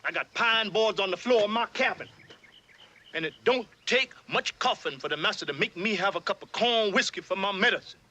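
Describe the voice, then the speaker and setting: Playing an older enslaved fiddler in a period film drama, an actor with an American Southern accent fawns over his master and sternly scolds a newcomer in drawling dialect. His voice is high-pitched, bright, and forceful, expressive and fairly quick, with a little hiss or hum in the audio.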